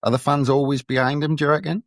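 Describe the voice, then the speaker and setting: A man's voice: fairly high pitch, little pitch movement, quick pace, no room sound, studio quality. A man, a podcast co-host, chatting and asking questions. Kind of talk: casual podcast chat.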